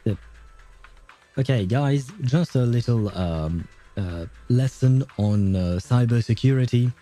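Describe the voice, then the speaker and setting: A man's voice: medium pitch, lively intonation, slow pace, mellow, faint music behind. A man giving casual, rambling gameplay commentary, often correcting himself and laughing. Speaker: streamer.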